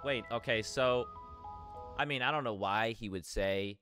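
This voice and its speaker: Excitable young man reacting to videos. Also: fairly low pitch, a little fast, smooth, no echo, faint music behind. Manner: excitable, repeats himself. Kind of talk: casual reaction commentary.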